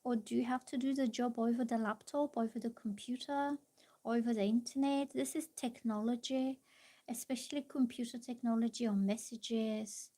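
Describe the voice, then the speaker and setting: Chatty higher-voiced woman tarot reader. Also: steady tone, normal speed, warm tone. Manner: chatty, reassuring, rambling with fillers. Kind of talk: live-stream tarot reading.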